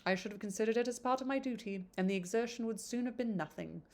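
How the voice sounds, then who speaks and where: A woman reading a charming, smooth-talking young man's lines in a storybook reading, with halting stumbles. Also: fairly high pitch, a little mellow, lightly acted. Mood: wistful.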